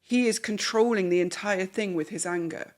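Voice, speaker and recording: Soft-spoken woman counsellor. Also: mid-range voice, normal speed. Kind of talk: counselling conversation.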